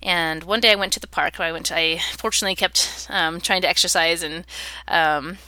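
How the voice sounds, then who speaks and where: A woman's voice: fairly low pitch, fairly even intonation, brisk, pushed and bright, dry recording. A woman in her thirties, an interview guest, telling a personal story in an earnest, reflective way.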